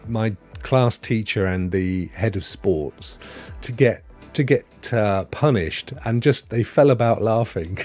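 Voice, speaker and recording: With a warm tone and a voice on the low side, this English man in his fifties chats casually with his live-stream viewers, reading out their comments. He's matey and rambling, and his accent blends Potteries and Sydney with some Devon.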